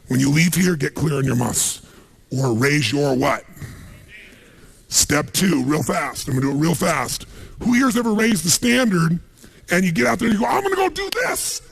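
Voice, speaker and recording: Gravelly husky american guy pumping up a big seminar crowd, commanding, keeps firing calls back at the room, a bit higher pitched than most men. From United States. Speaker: motivational speaker. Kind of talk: stage seminar talk to a live audience. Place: large seminar hall.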